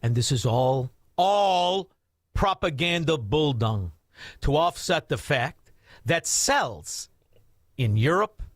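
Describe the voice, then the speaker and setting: A male talk show host giving insulting, sarcastic commentary over news clips, dropping to mutters and bursting into loud rants. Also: on the high side, animated, slow pace, no echo, clean studio sound.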